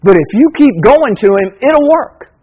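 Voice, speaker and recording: Male pastor, fifties, high voice, emphatic preaching, soft tender passages. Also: expressive, moderate pace, muffled recording. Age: 50s. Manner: preaching with rising, emphatic repetition; drops to soft, tender tones. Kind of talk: sermon.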